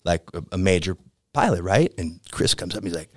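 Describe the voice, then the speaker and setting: A man in his fifties from the American Midwest, a podcast guest telling a story in a laid-back, slangy way that gets animated as it builds. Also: low voice, brisk, no room sound, clean studio sound. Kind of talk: casual storytelling.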